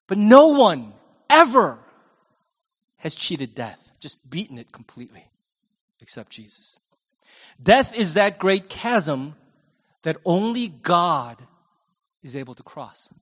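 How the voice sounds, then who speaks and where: Male pastor preaching, chatty and animated, loud then hushed, high voice, long church echo. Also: slow, long pauses. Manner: conversational, animated, swings between loud and hushed. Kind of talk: sermon.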